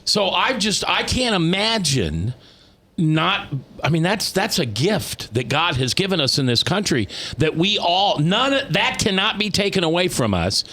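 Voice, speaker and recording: A man's voice: high voice, sing-song, pushed and bright. A man hosting a talk radio show, chatting casually, rambling and restarting his sentences, stretching words for emphasis. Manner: rambling, restarts often, drawn-out emphatic phrasing.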